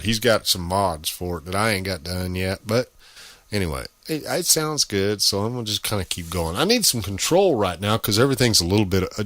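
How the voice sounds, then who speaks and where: Low, lively, boastful radio man. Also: no room sound. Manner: boastful, crude and folksy. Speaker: amateur radio operator. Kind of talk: gear demo talk into a radio mic. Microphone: close studio microphone.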